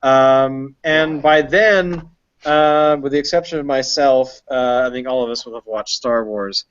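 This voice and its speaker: A man's voice: mid-range voice, a little slow, clean tone, dry recording, muffled recording. A man hosting a casual beer podcast, rambling along with lots of ums and uhs. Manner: rambling with many fillers. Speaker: podcast host. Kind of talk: casual chat.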